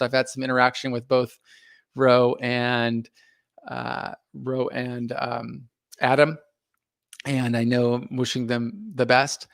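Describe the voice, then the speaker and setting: With a clear, resonant, fairly bright voice of medium pitch, an American man in middle age reads viewer comments on his casual live stream. His talk is earnest and thoughtful but full of fillers and restarts, captured in studio quality with no room sound.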